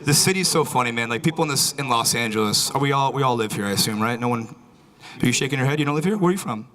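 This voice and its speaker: A man's voice: medium pitch, lively intonation, very fast, fairly bright tone, low-quality recording. A man doing a stand-up comedy set, talking loosely and rambling with lots of filler phrases before a live audience. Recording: live crowd audible. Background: audience laughter.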